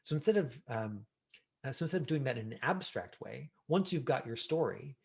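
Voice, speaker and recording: A middle-aged man teaching an online acting class over a video call, talking casually with lots of fillers and lively examples. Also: medium pitch, fairly quick, vocal fry, breathy edge. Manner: casual, animated, many fillers.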